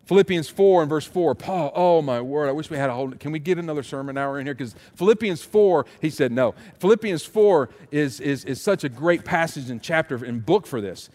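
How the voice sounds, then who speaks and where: A middle-aged man preaching a sermon as pastor, animated and emphatic with repeated refrains. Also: fairly high pitch, a little fast, hardly any pauses. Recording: long hall reverb.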